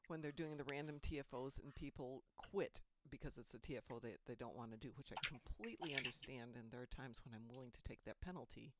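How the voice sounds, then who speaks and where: A woman's voice: rumbling low, fast talker, few pauses, very noisy. A woman hosting a gaming stream, chatting in a rambling, casual way. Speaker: stream host. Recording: loud keyboard typing behind.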